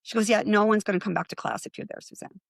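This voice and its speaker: A middle-aged woman tells her story as a podcast guest, slipping into other people's voices as she quotes them. Her voice carries a gravelly fry, and it sounds close and dry with no room around it. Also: medium pitch, fast, dry recording. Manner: animated anecdote-telling with acted-out quotes. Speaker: guest, psychic medium.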